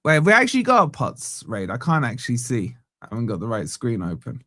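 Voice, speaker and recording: A man hosting a live football watch-along stream from a home setup. He banters with viewers and gives them shout-outs. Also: mid-range voice, huge pitch swings, fast, few pauses, dry recording, clean studio sound. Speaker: fan channel host.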